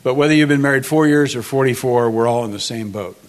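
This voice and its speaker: A man in his sixties speaks with earnest, measured care, pausing on small fillers as he shares his testimony. His voice sits in an ordinary middle register. He sounds like he is addressing a gathered church audience. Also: mid-range voice. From United States. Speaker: speaker at a church marriage event. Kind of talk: testimony and prayer.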